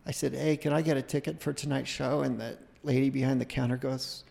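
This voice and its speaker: A middle-aged man, a podcast guest, telling a long casual anecdote in a rambling, animated way, often breaking off and restarting. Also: mid-range voice, brisk, creaky, big-room sound. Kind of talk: casual storytelling.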